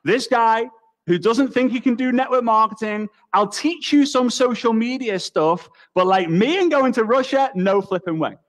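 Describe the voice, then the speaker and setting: High-voiced Liverpool man giving a pep talk. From England. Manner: energetic storytelling with quick repetitions. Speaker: network marketing speaker. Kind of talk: motivational talk.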